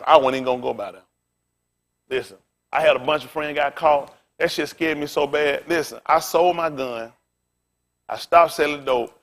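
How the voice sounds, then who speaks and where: A middle-aged man, a pastor, preaching through a street story with animated, laughing bursts and loud exclaims. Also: sits high.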